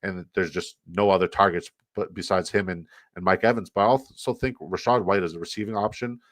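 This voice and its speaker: A man hosting a live fantasy football draft stream, talking fast in joking, profane banter. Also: sits low, fairly even intonation, no room sound.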